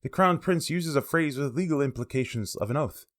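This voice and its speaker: A man giving a sermon that explains a Bible passage, lively and expressive, with casual asides. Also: medium pitch, a little fast. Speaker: preacher.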